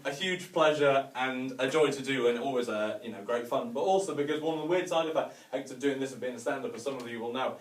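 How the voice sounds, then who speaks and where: A man from the North of England with a Northern English accent, doing a chatty, self-mocking stand-up routine with mild swearing. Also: mid-range voice. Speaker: stand-up comedian. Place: large hotel venue with a live audience. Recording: echoey room, distant mic, faint noise.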